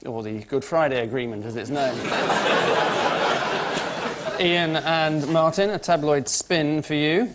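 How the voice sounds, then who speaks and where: Dry TV quiz host. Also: male voice, a little high, very noisy. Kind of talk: scripted comic links. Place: TV studio with audience. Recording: TV studio with loud audience.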